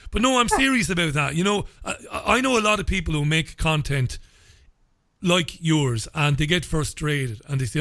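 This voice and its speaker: A man's voice: fairly high pitch, fairly quick, fairly bright tone, no echo, studio quality. A man with an Irish accent hosting a live radio interview, talking effusively and often repeating words as he starts sentences. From England. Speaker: radio show host.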